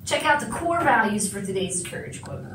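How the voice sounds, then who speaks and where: A woman's voice: mid-range voice, very animated, normal speed, fairly bright tone, echoey room, recorded from a distance, slight background noise. A woman reading school announcements in a playful, chatty way. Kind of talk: morning announcements.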